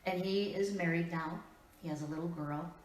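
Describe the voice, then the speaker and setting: With an Upper Midwest lilt and a voice sitting a little low for a woman, a female pastor preaches in a steady tone. She is deliberate and earnest, spacing her phrases with pauses, and the church room's echo surrounds her distant voice.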